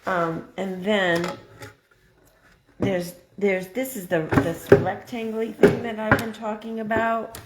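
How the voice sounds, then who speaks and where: Woman, slow unhurried talk, excitable craft-stream host, chatty, noisy background. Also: medium pitch, reverberant. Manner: chatty, excitable, thinks aloud. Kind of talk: casual live craft demo.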